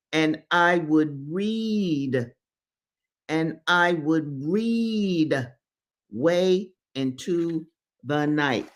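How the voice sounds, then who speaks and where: A woman hosting a book-reading show, reading aloud and breaking off into passionate commentary that stresses points by repeating phrases. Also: sits low. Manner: emphatic, repeats phrases for stress, preacher-like address. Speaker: host reading books aloud.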